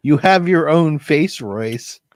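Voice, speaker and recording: Wisecracking co-host with a lively voice. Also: male voice, on the high side, takes it slowly, dry recording. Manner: dry wisecracking interjections. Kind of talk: casual podcast chat.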